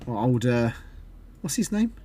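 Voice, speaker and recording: A man's voice: medium pitch, big pitch swings, a little slow, mellow, slight background noise. A man hosting a podcast, chatting casually, swearing a lot and mimicking voices as he rants. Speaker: podcast host.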